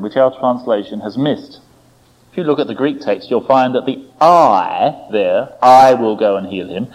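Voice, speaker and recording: A man preaching a sermon, with expressive delivery, rhetorical tag questions and dramatic quoted voices. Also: medium pitch. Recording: dull lo-fi recording.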